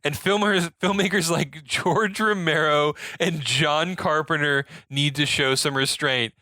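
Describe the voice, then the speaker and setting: Bright, crisp-voiced man chatting about a movie. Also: on the high side, measured pace, dry recording. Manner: animated retelling, laughs often, says yeah a lot. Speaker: podcast co-host. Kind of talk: casual movie chat.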